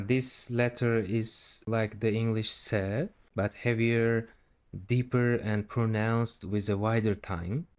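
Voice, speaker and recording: A man teaching Quran recitation step by step, patiently repeating syllables and drawing out the recited words. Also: fairly low pitch. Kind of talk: step-by-step tajweed lesson.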